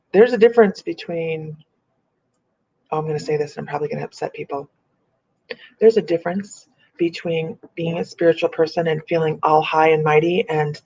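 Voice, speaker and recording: A woman hosting a casual live-stream chat as a psychic medium, chatty and animated, laughing often. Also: low voice, slightly rough. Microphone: computer or phone on a live video stream. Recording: muffled lo-fi stream audio.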